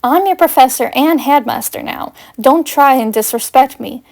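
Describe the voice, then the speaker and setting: A woman's voice: sits high, normal speed, a little mellow. A woman reading the lines of a cold, stern male professor and headmaster in a curt, clipped way, as she reads fanfiction aloud. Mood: snapping.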